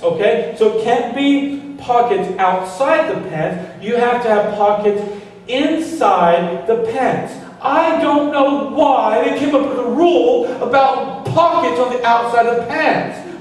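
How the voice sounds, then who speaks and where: Animated male pastor in an echoey hall. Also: sits high, a little hiss or hum. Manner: animated, humorous storyteller. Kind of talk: sermon storytelling. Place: church hall. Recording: echoey church hall, distant mic.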